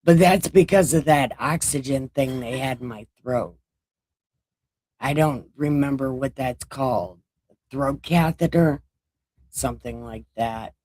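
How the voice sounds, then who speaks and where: A woman's voice: very deep voice, unhurried, warm tone, no room sound. A middle-aged woman hosting a casual livestream chat, mouthy and swearing freely. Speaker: livestream host.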